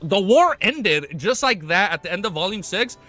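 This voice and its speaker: A young man streaming live, chatting casually with his audience, excitable and swearing often, tripping over his words and laughing. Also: sits high, moderate pace, soft background music. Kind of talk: casual livestream chat.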